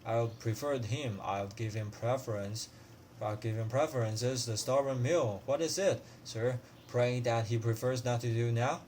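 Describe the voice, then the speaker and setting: A man reading aloud as an irritable young male law clerk, speaking slowly and emphatically through gritted teeth. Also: mid-range voice, steady tone, a little mellow, a little hiss or hum, natural voice. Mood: irritated.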